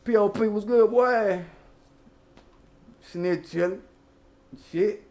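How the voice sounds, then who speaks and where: A man's voice: high-pitched, takes it slowly, darkish tone, reverberant. A man hosting his own channel, giving loose, profane casual commentary and rapping old lyrics along the way. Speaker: channel host.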